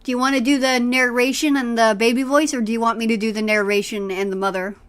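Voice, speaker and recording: A woman's voice: on the high side, level tone, fast. A woman streamer reading a horror story aloud with dramatic delivery, then chatting casually with a friend.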